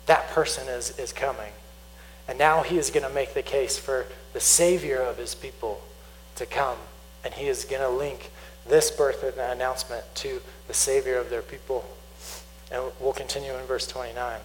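Man, pastor, sermon, earnest teaching tone, mid-pitched voice. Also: fairly even intonation, a little hiss or hum, poor audio. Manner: earnest teaching, slows for emphasis, reads scripture aloud.

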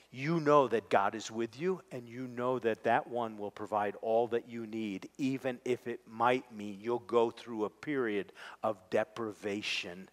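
A man, preaching a sermon to his congregation and putting questions to them. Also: medium pitch. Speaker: pastor. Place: church sanctuary. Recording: long reverb of a large hall.

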